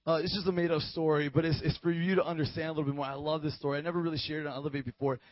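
A man's voice: fairly high pitch, little pitch movement, racing, no room sound, muffled recording. A young adult man preaching at a podium, giving his testimony in a casual, slangy way that builds to fervent. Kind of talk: sermon testimony. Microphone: podium mic.

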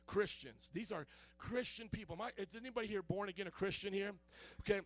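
A man preaching a casual, joking sermon in an animated way, full of fillers. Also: high voice, normal speed, no room sound. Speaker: pastor.

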